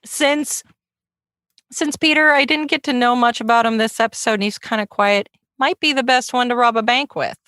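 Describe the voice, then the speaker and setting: Chatty giggly woman with a higher voice. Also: normal speed, sharp tone, no room sound, studio quality. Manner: chatty, giggly, self-mocking, puts on silly voices. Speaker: guest cohost. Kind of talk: casual podcast chat.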